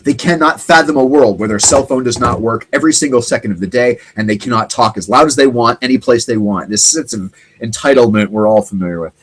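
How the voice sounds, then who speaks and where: A man hosting a casual solo talk show, rambling and animated, now and then mimicking other people's voices. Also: medium pitch, fast, a little hiss or hum, poor audio. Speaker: podcast host.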